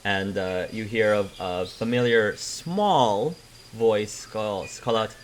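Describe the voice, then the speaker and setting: A man running a tabletop role-playing game as game master, narrating in an unhurried storytelling way with many fillers. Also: fairly low pitch, slight background noise.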